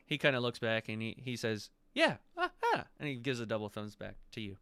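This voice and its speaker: A man narrating as game master of a tabletop game, relaxed and descriptive with quick asides. His voice is bright and notably clean, and the recording is close and dry. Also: on the low side, creaky, clean tone, dry recording.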